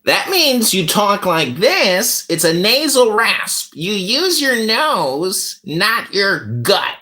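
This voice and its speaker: A man putting on an exaggerated nasal, raspy voice to mock someone's way of talking. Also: high voice, very animated, slow, bright, forceful tone, voice pushed up, full character voice. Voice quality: nasal rasp.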